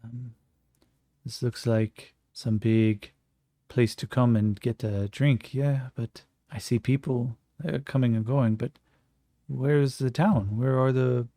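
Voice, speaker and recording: A man putting on a whiny French gunslinger for a solo tabletop game, with a thick put-on accent and a gravelly edge. He complains in a quiet, close, dry voice. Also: medium pitch, dry recording.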